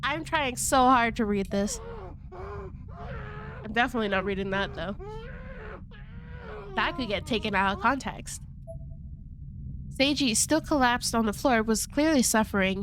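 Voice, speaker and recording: A woman's voice: on the high side, slight background noise. A woman streamer reading a game's text aloud, breaking off into playful asides and stifled giggles, keeping her voice down at night. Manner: giggly, playful asides, stumbles over words; holding back laughter, kept quiet at night. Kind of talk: reading a game aloud with casual commentary.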